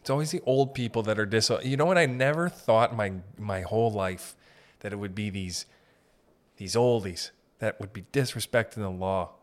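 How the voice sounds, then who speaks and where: This podcast host from Northern Ontario, Canada speaks at a moderate pace in a fairly low-pitched male voice. His comedic storytelling chat is full of profane, rambling, animated anecdotes.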